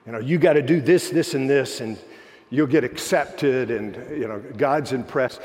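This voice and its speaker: A man preaching a sermon as pastor, telling stories earnestly and dropping his voice low when quoting others. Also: moderate pace, a little mellow, in a large hall.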